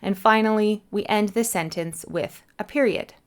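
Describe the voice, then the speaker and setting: A woman with a medium-pitched voice teaches an English punctuation lesson, explaining each answer clearly and patiently and spelling letters out slowly.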